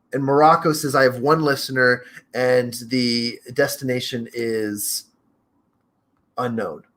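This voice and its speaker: A man speaks casually as the host of his own podcast, addressing his listeners directly. He trips over unfamiliar names and laughs at his own slips. His voice sits at an ordinary middle pitch. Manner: chatty, stumbles over names, laughs at himself. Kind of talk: casual solo talk to listeners.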